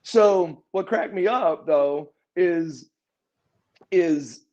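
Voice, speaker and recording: A man's voice: fairly high pitch, very slow, mellow, muffled recording. A man telling stories as a podcast interview guest, rambling, restarting his words and chuckling often. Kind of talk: casual storytelling in a podcast interview.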